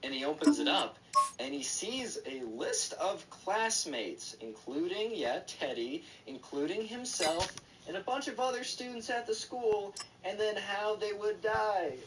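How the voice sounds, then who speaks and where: A man telling a story while he streams a game, casual and full of slang. His pitch rises and falls a lot. He sits away from the mic, with loud engine noise underneath. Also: unhurried, distant mic. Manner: animated, slangy.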